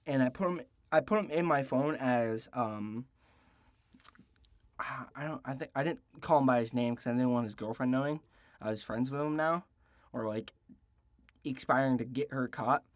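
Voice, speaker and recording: A man's voice: medium pitch, moderate pace, long pauses, no echo, clean studio sound. A young man in his late teens telling a casual story-time tale, rambling and profane with lots of restarts and fillers. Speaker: storytelling vlogger.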